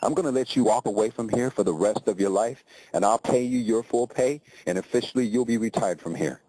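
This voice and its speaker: A man's voice: fairly low pitch, a little fast, warm tone, close to an everyday voice, poor audio. A man voicing a blunt, businesslike male boss.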